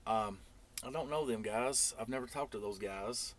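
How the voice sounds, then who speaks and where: A man telling a long story casually in a vlog, rambling, and getting animated when he quotes others. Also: medium pitch, brisk, slight background noise. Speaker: trucking YouTuber.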